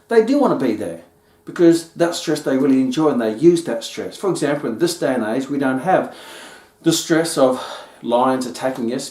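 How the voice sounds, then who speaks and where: A man's voice: mid-range voice, a little mellow. A man hosting a solo health talk, playful and acting out scenes as he explains. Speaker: health podcast host. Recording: roomy echo.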